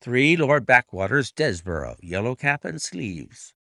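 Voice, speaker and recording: A man narrating a classic detective story aloud with a deliberate, expressive reading. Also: mid-range voice, creaky, dry recording, clean studio sound. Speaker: reader and annotator of classic stories.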